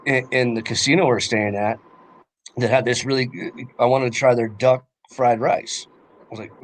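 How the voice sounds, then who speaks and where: A man's voice: medium pitch, a little hiss or hum. A young man rambling through a personal story in a casual chat, with lots of fillers and swearing. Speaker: podcast co-host.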